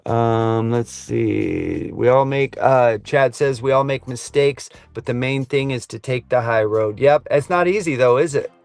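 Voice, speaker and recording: A man's voice: mid-range voice, a little slow, gravelly, hardly any pauses, darkish tone, clear, resonant tone, no room sound. A middle-aged man, a trucker, chatting casually on a live stream, reading viewer comments in a rambling, earnest way. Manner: rambling, earnest, says man and brother a lot. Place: truck cab.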